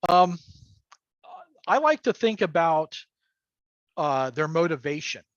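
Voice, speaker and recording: A middle-aged man appears as a guest on a casual livestream, rambling about running games with lots of fillers and frequent laughter; he's a game master and crafter. His slightly high voice is very animated yet slow, and the dry audio has its highs cut off.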